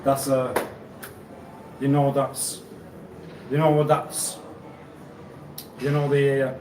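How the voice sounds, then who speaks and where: A man hosting a live stream, rambling and halting, who repeats himself and laughs often. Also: fairly high pitch, a little mellow, recorded from a distance. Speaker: livestream host. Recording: echoey room, off-mic, noisy ambience.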